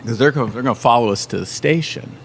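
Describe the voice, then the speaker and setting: A man in the middle of a long story, talking at an ordinary middle pitch. He acts out the other people's lines with sudden loud bursts. A faint hiss sits under his voice. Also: rapid-fire, creaky. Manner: animated storyteller, acts out shouted quotes. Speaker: band member. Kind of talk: storytelling in casual chat. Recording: faint background noise.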